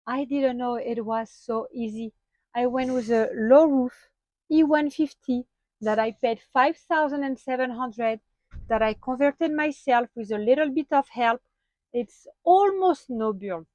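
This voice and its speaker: Slow-talking French-accented woman in her van. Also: on the high side, a little mellow, dry recording, poor audio. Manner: chatty, halting with frequent fillers and laughs. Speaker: vlogger. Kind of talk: casual van tour vlog. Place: inside a small van.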